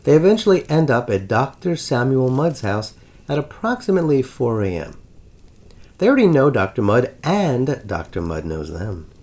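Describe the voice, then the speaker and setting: A man narrating a dramatic history story as the host of his channel, with big swings in pitch and loudness.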